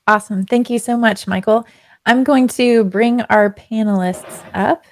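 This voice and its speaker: A woman's voice: fairly high pitch, steady tone, measured pace. A woman hosting an online panel, handing questions to panelists. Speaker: event host.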